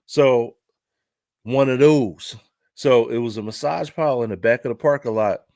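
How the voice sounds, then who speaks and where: A man's voice: medium pitch, normal speed, creaky, a little mellow, dry recording. A man with a Philadelphia accent telling a casual, rambling story, often repeating himself and checking in with the listener. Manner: loose, repetitive, keeps asking "right?". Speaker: vlogger.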